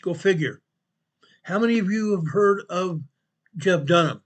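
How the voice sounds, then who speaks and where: Man hosting an emergency news show, energetic, repetitive, chatty, slightly higher voice. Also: a little slow. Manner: energetic, repetitive, addresses viewers as "guys". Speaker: host and company president.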